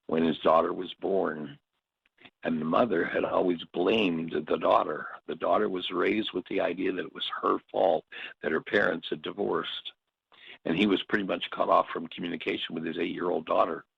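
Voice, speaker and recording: A man's voice: deep voice, steady tone, moderate pace, vocal fry, husky, dry recording, dull audio. A man teaching a workshop, telling stories and slipping into short acted quotes. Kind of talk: reflective spoken teaching.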